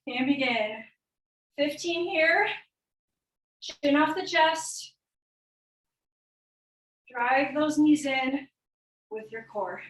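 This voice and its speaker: A young woman fitness coach leading a live workout class, calling out encouraging cues and countdowns while a little out of breath. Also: sits high. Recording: echoey room, from far off.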